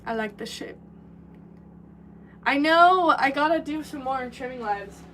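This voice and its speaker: Working in a pottery studio, a young woman keeps up a rambling, chatty live-stream conversation and is quick to laugh. Her voice sits high, expressive and a bit bright, recorded through a distant mic with noise in the background.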